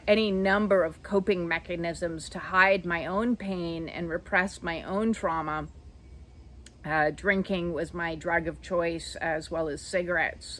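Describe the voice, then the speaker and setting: A woman in her fifties speaks at an unhurried, deliberate pace in a somewhat low voice. She hosts her own channel and tells her life story as a personal monologue. She pauses often on hesitant "uh" fillers and keeps a reflective tone. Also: fairly bright tone. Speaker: channel host.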